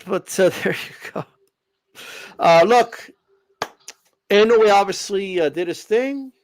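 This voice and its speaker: A man co-hosting a casual boxing chat, joking and animated, often tossing in "you know what I mean". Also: high-pitched, slow. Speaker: boxing podcast co-host.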